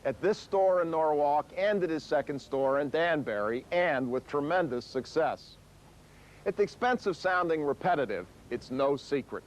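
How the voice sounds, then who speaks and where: A man's voice: a little high, expressive, moderate pace, low-quality recording. A man presenting a business documentary in an assured, emphatic way. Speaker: narrator, business commentator.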